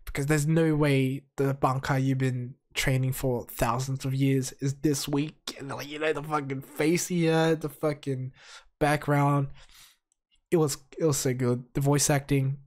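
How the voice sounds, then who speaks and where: Hoarse and audibly under the weather, this man rambles through anime episode reviews with lots of profanity and excitement. He speaks in a mid-range voice at a measured pace.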